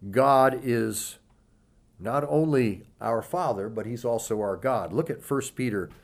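Man preaching with slow emphatic scripture reading. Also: mid-range voice. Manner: emphatic scripture reading, slowing for key words. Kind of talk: sermon.

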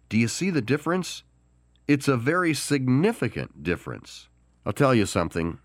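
A man hosting a Christian podcast, delivering an encouraging devotional talk with deliberate pauses and emphatic stress on key words. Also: mid-range voice, big pitch swings, dry recording, clean studio sound. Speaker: podcast host.

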